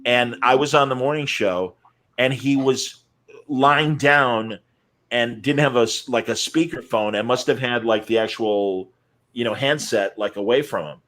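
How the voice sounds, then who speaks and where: A man's voice: medium pitch, measured pace, a bit bright. A man co-hosting a podcast livestream over a video call, telling stories and mocking his co-host in brash, swearing banter. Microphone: video call mic.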